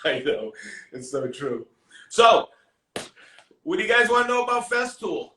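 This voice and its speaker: Middle-aged man, Maine accent, bright voice, rambling casual guest who laughs a lot. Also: sits high, sing-song, a little slow, a little hiss or hum. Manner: rambling, laughs often, many fillers. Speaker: guest, finisher. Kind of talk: casual chat.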